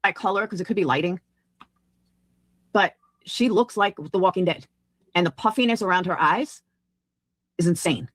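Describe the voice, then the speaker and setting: A woman's voice: lowish voice, normal speed, long pauses, no room sound. A woman giving blunt, judgmental commentary in a casual clip played on a stream.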